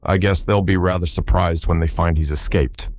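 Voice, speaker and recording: A man's voice: sits low, fairly even intonation, moderate pace, darkish tone, dry recording, clean studio sound. A man voicing an earnest, polite young boy in a storybook reading. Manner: earnest, pleading.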